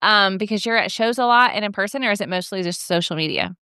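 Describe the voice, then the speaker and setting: A woman hosting a podcast interview, asking questions and chiming in with quick affirmations. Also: mid-range voice, sharp tone, clear, resonant tone, no room sound, clean studio sound. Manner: friendly, affirming, quick back-channel responses. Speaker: podcast host. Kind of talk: casual conversational interview.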